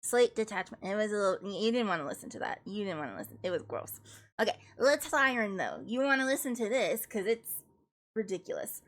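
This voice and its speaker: A young woman streamer and classical singer chatting casually and jokingly while doing vocal warm-ups. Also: medium pitch, expressive, moderate pace. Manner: joking, self-deprecating, chatty.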